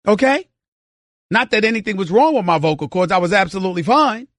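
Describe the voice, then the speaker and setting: A man's voice: high voice, animated, fairly quick, fairly bright tone, no echo. A middle-aged man hosting a sports radio show, ranting heatedly with lots of repeated words while nursing a strained voice. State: straining an irritated voice after vocal cord surgery. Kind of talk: opinionated sports talk monologue. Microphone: studio mic.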